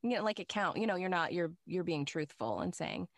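A chatty woman guest talks about her voice acting work in an easy, storytelling way, laughing often between thoughts. Her voice sits on the lower side for a woman. The recording is dry and close, with no room sound. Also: animated, fairly quick, no echo. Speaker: guest voice actor. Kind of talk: casual interview chat.

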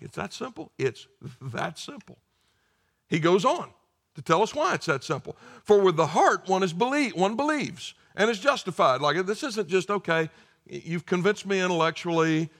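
Middle-aged guy preaching a sermon, high-ish bright voice, punchy and jokey like he's just talking to folks. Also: creaky. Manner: emphatic, humorous, conversational preaching. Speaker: pastor.

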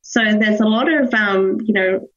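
A woman with an Australian accent, a guest HR professional explaining things in a relaxed, casual interview. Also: mid-range voice, unhurried, highs cut off.

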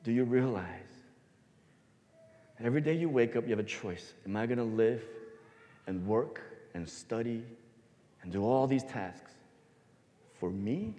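A man pastor giving a sermon, telling a story and swinging his voice between loud and soft for emphasis. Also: medium pitch, expressive, measured pace, pauses often. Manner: storytelling, varies loudness for emphasis. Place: church sanctuary. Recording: long hall reverb.

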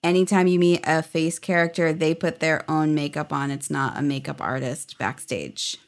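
A woman's voice: low voice, moderate pace. A woman in her thirties, chatty and upbeat, telling stories as an interview guest. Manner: chatty, upbeat, laughs often. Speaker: guest, former theme park character performer. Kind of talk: casual interview storytelling.

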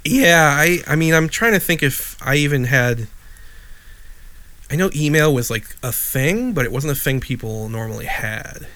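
A man's voice: on the high side, animated, moderate pace, a bit bright. A middle-aged man from Illinois co-hosting a podcast, chatting casually and telling a rambling story full of restarts and dry asides. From Wheeling, Illinois, USA. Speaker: podcast co-host. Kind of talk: casual chat.

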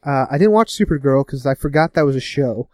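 A man casually recapping a TV episode with a co-host, laughing often and putting on quick voices for the characters. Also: medium pitch, expressive. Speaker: podcast co-host.

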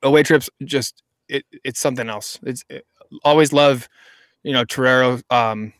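A man's voice: medium pitch, steady tone, normal speed, a bit bright, dry recording. A man co-hosting a casual podcast, talking enthusiastically and rambling with restarts. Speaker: podcast co-host. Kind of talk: casual chat.

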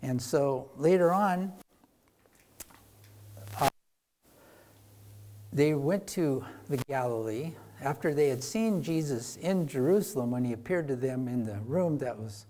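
A man preaching a sermon, retelling a Bible story in a conversational way. He gets louder for emphasis and then drops soft and quiet. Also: medium pitch, lively intonation, a little slow, long pauses, slight background noise.

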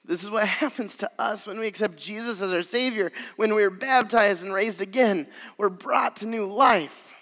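A man preaching a sermon as pastor, earnest and swelling louder on key phrases. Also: high-pitched, normal speed, hardly any pauses, in a large hall.

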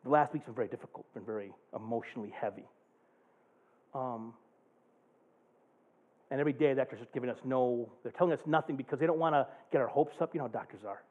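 A male pastor preaching a sermon, moving from a quiet, subdued personal story to loud, passionate preaching. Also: mid-range voice, fast, long pauses, slightly rough. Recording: tinny phone-like sound.

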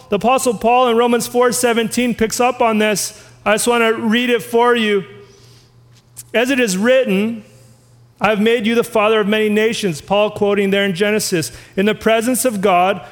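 Pastor, male, very high voice, sermon with scripture readings and questions to the room, long hall echo. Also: little pitch movement, normal speed. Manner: reads scripture aloud and asks the listeners questions.

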